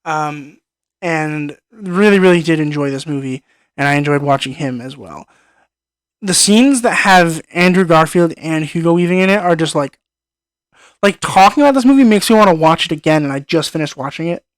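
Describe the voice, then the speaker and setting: A man's voice: fairly high pitch, lively intonation, normal speed, clean tone, no room sound. Enthusiastic rambling young man. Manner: enthusiastic, rambling, repeats words. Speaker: film review vlogger. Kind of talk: casual film review monologue.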